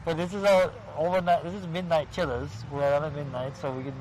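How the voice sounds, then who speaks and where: A man's voice: fairly high pitch, little pitch movement, brisk, a little mellow, slight background noise, rough recording. A man hosting a late-night horror show, chatting and telling jokes outdoors at a cemetery, laughing at his own punchlines. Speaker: show host. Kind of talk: casual chat.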